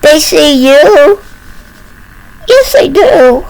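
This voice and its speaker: An older woman tells a homespun tale straight to the camera, unhurried and fond. Her voice sits high and carries a gravelly edge. She croons in a sing-song baby talk. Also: poor audio. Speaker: storyteller.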